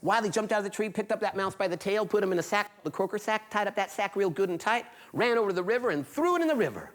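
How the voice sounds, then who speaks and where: A man's voice: high voice, lively intonation, fast talker. A man telling a folktale live on stage, shifting between character voices. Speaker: storyteller. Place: small concert venue stage.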